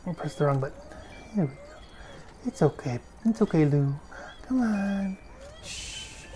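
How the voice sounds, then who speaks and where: Excitable, swearing man playing a game. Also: fairly high pitch, measured pace, a little hiss or hum. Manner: chatty, swears freely, bursts into loud exclamations. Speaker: gaming streamer. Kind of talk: casual gameplay commentary. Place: at home in a desk chair.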